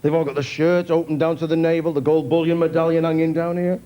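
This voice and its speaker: A man's voice: a little high, level tone, fast. A man doing a stand-up routine, rambling wryly through an anecdote. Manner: rambling, anecdotal, wry storyteller. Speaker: stand-up comedian. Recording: hissy old TV recording.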